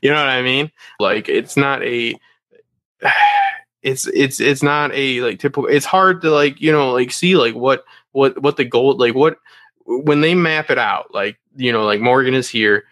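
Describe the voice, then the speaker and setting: A young man with a bright, forceful voice, recorded dry and close. He rambles and curses in an animated, casual fan chat. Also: mid-range voice, a little slow, no echo. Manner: animated, profane, rambling with many fillers. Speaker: podcast panelist.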